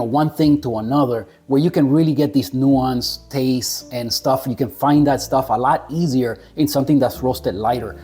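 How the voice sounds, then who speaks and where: A relaxed man chats to his viewers about a coffee he is tasting. His voice is mellow and rather dark, and he laughs easily and trips over names he does not know. Faint music plays underneath. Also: medium pitch. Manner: laid-back, chuckling, stumbles over names. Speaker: coffee reviewer. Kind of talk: casual talk to camera.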